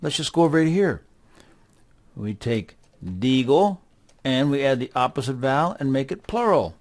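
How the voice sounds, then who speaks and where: A man's voice: mid-range voice, sing-song, moderate pace. A middle-aged man teaching a language lesson to children. He talks patiently and repeats words one at a time as drills. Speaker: Spanish teacher. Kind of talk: slow, deliberate classroom instruction for kids.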